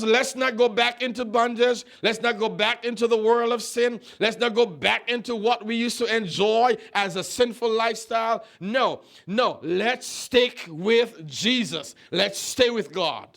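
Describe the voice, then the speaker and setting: A man's voice: creaky, fairly bright tone. A middle-aged male pastor from Nevis preaching a sermon, telling stories and repeating phrases with rising emphasis. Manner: emphatic, repeats phrases, rises to high exhortation. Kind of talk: sermon storytelling.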